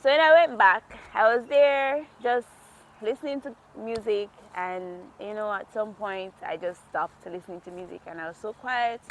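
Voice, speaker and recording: A devotional vlogger speaks at a normal speed in a mid-range voice, recounting her personal faith journey. She's warm and casual, laughing frequently while talking out in a peaceful natural spot.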